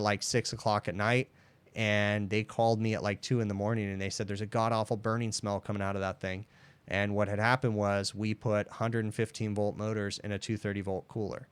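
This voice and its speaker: A man's voice: fairly low pitch, clear, resonant tone. A man hosting a casual livestream Q&A, telling work stories in a chatty, laid-back way. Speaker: livestream host, HVAC technician.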